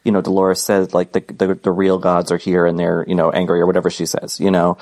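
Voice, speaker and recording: A man co-hosting a podcast, talking haltingly with many fillers and restarts. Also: low-pitched, monotone, a little mellow. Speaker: podcast co-host. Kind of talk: casual podcast discussion.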